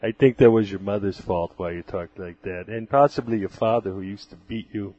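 A man in his fifties co-hosting a casual podcast, cracking deadpan jokes. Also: on the low side, brisk. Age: 50s. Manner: deadpan joker. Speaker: podcast co-host. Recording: dull, dry lo-fi audio.

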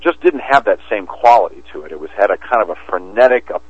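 A man's voice: fairly low pitch, expressive, fast talker, breathy edge. A man talking as an interview guest in a rambling way, with many restarts and fillers. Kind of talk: casual interview talk. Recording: tinny phone line, dry.

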